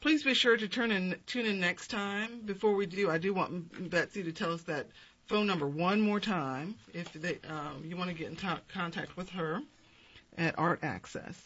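A woman hosting and producing a radio interview show, closing with clear, formal announcements and spelling out addresses slowly. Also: on the low side, fairly bright tone, highs cut off.

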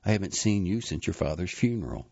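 A man reading an audiobook, voicing a tired, stubborn older mother who talks plainly and defends herself quietly. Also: deep voice, big pitch swings, fast, gravelly, dry recording, highs cut off, voice pushed up, heavily acted.

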